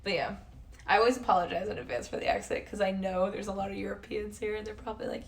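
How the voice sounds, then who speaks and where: A woman's voice: medium pitch, fairly even intonation, fast, creaky. Chatty young woman streamer, slightly distant mic. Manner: chatty, swears a lot, says "like" constantly. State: losing her voice. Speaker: livestreamer. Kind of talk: casual chat to stream chat.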